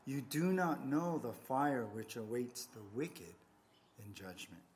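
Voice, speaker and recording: A man voicing an aged, frail Christian martyr who speaks calmly and without wavering, quoted slowly and solemnly within a sermon. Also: medium pitch. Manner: slow, solemn, measured quoting. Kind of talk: sermon storytelling.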